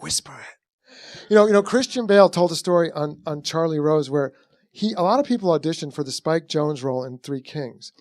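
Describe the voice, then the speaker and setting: Animated storytelling man, slightly high voice. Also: no echo, studio quality. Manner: rambling, animated storytelling with acted-out quotes; frequent restarts and "you know". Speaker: film director, guest. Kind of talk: onstage craft conversation.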